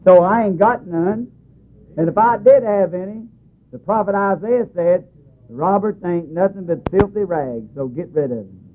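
A man preaching a communion sermon in a folksy, dramatic way that climbs high and loud as he tells a story. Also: moderate pace. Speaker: pastor. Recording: tinny lo-fi phone-like recording with faint music.

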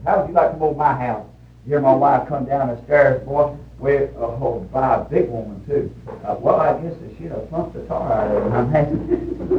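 A man preaching a sermon in a folksy storytelling way, with sudden shouted bursts when he quotes people. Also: mid-range voice, brisk. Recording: roomy, distant, dull old recording with faint hiss.

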